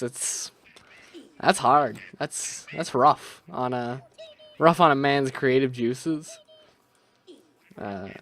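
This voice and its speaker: A man's voice: mid-range voice, fairly bright tone. A young man giving casual, rambling commentary on his own gameplay, thinking aloud with lots of restarts and asides. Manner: rambling, self-talking, musing aloud with restarts. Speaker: gaming video creator.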